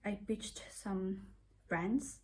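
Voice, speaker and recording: A vlogger in her twenties, with an accent mixing British and Australian, rambles and pokes fun at herself while talking to her own camera in a casual vlog. Her mid-range voice is a little mellow and fairly even in intonation, and she speaks extremely slowly.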